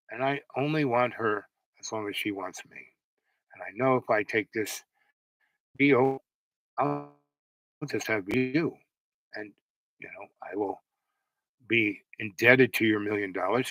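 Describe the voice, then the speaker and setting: A man's voice: fairly low pitch, no echo, dull audio. A man host telling a personal story in a casual, rambling way, full of "you know" and restarts.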